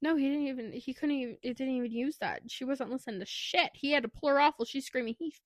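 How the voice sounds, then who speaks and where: A woman co-hosting a book podcast, chatting casually and animatedly as she retells a story, with plenty of swearing. Her voice sits a little high, and the recording is dry and close, with no room sound. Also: quick pace, no echo. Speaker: podcast co-host. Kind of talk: casual book review chat.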